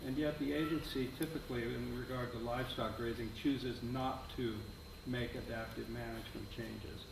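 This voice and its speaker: Male audience questioner, deliberate and pointed; distant in an echoey room. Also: medium pitch, fairly even intonation, creaky. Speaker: audience member asking a question. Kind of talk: question from the floor. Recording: echoey room, far mic, noise.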